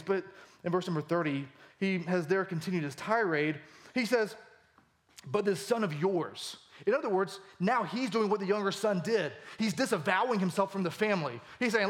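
A male pastor preaching a sermon with animated emphasis, his voice climbing for key points. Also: moderate pace. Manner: animated, voice rising high for emphasis.

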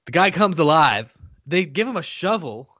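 A man's voice: fairly high pitch, sing-song, normal speed, fairly bright tone, no echo, studio quality. A man co-hosting a podcast, recapping a TV show in casual, rambling chat with frequent swearing. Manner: rambling, swears, restarts with laughs. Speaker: podcast co-host.

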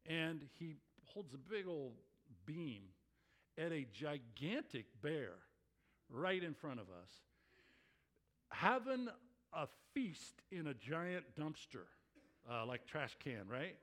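A man preaching a sermon to his congregation, telling stories in an animated way with exclamations that rise. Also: a little high, slow pace. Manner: animated storytelling with rising exclamations. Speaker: pastor.

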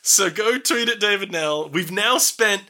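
High, sharp-voiced man recapping a film. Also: lively intonation, measured pace. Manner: swears freely, laughs, acts out quotes. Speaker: podcast co-host. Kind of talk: casual film recap chat.

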